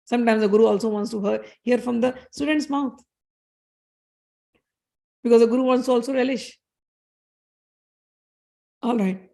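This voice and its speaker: Give me an expressive woman teaching scripture stories, with a slightly high, gravelly voice. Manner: animated, expressive, chants Sanskrit verses rapidly. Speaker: spiritual teacher. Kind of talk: devotional scripture storytelling.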